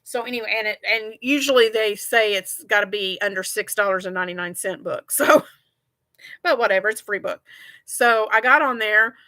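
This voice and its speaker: Bright-voiced chatty woman host. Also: medium pitch, a little fast. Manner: chatty, rambling, laughs often. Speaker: crochet channel host. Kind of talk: casual livestream chat with viewers.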